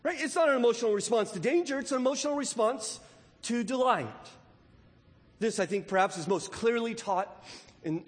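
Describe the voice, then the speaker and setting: A man delivers a sermon in a reverberant church sanctuary, his voice set high for a man. He preaches with animation, constantly checking in with his listeners with quick questions. The long echo of the hall trails after his words. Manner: animated preaching, asks the crowd many questions. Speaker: pastor.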